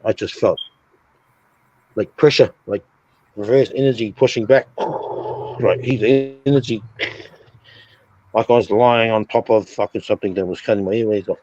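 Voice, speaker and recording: A man's voice: lowish voice, steady tone, normal speed, long pauses, dark tone. A man telling a sleep paralysis story on a casual stream, swearing a lot and acting out sounds and his own reactions. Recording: dull lo-fi stream audio.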